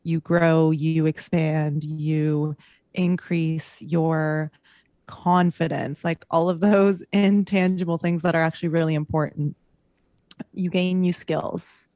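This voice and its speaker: A woman's voice: low-pitched, fairly even intonation, a little slow, darkish tone, no echo, studio quality. A woman who works as a coach, talking in a casual podcast conversation, earnest and emphatic, making her points in repeated parallel phrases.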